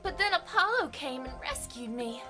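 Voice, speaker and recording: A woman voicing a timid young female witness in a gentle Southern accent, reading from a game's text. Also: sits high, big pitch swings, normal speed, over music, voice pushed up. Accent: Southern US, put on. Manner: soft, gentle reading of testimony.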